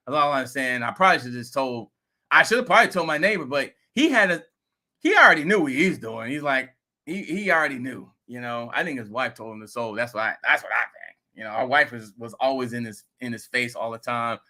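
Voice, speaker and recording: A man hosting a crypto vlog, telling a rambling, animated story in casual talk. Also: mid-range voice. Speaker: crypto video host.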